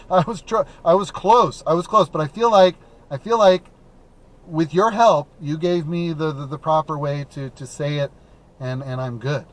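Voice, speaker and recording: His voice leans high and he speaks a little slowly. The Midwestern man is driving while hosting a casual call-in live-stream chat, rambling with lots of fillers and restarts.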